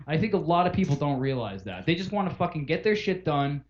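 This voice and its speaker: A man with a slightly high voice rants in casual podcast chat, swearing freely and acting out both sides of phone calls. The audio is dull and lo-fi. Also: expressive, quick pace. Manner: profane, exasperated ranting with acted-out phone calls. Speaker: podcast co-host.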